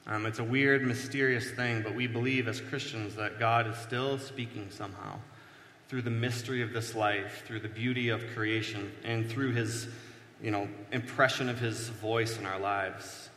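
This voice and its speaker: Bright-voiced male pastor in an echoey hall. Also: lowish voice, fairly even intonation, normal speed, slight background noise. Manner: conversational, self-deprecating, many fillers. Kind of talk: casual sermon teaching at a whiteboard. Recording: echoey hall with long reverb.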